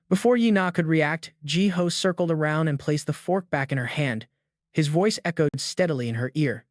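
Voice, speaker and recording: A man narrating a scripted comic recap in a steady storytelling voice. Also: fairly high pitch, normal speed, dry recording, studio quality.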